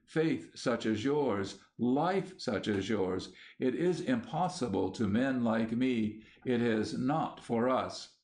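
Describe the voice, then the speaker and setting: A man's voice: medium pitch, lively intonation, takes it slowly, hardly any pauses, a little mellow. A man voicing an earnest, troubled younger man who speaks in an urgent, pleading way.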